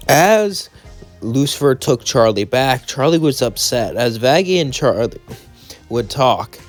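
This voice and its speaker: A man narrating a what-if fan story in a casual, rambling style, full of fillers and asides. His pitch sits in an everyday middle range.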